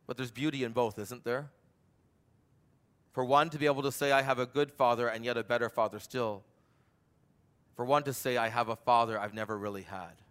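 A middle-aged man preaching a sermon, swinging from loud emphatic passages to quiet, personal storytelling. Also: mid-range voice. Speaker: pastor.

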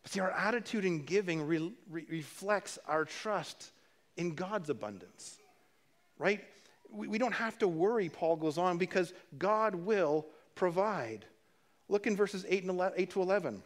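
A man's voice: high-pitched, animated, unhurried. Conversational male pastor preaching. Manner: conversational preaching with repeated words and restarts; dry humor asides. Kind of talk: sermon.

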